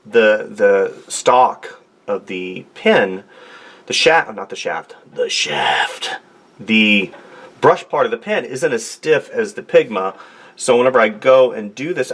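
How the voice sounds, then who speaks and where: A man's voice: fairly low pitch, animated, measured pace, a bit bright, husky. A man talking casually and rambling through a drawing demonstration at his desk, joking and talking to himself as he works. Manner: rambling, jokey, talks to himself while drawing. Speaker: artist. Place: home studio desk.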